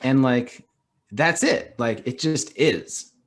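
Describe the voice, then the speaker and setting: A middle-aged man talking as a podcast guest in casual conversation, animated and loose, leaning on "like" and acting out little quoted reactions. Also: medium pitch, slow. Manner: animated, acts out quoted reactions, heavy use of "like".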